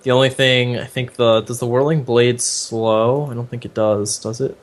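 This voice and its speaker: A man co-hosting a casual gaming podcast, thinking aloud and pausing with fillers as he searches for names. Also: medium pitch, flat delivery. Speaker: podcast co-host.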